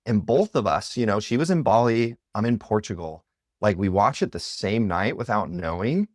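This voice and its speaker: A man in his thirties, a podcast guest, telling personal stories in an animated, conversational way, full of "like" and "you know". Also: on the low side, normal speed, no echo, clean studio sound. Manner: animated, filler-heavy, with lots of "like" and "you know".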